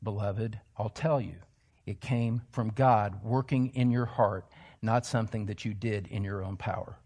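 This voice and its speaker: A male pastor preaching an expository sermon in a church, emphatic, dropping to hushed asides and rising to loud exclamations. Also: fairly low pitch, steady tone, measured pace.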